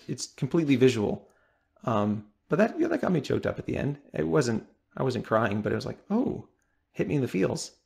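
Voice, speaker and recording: A podcast co-host chatting casually, telling personal stories in an earnest, plain way with some fillers. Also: male voice, medium pitch, creaky, darkish tone.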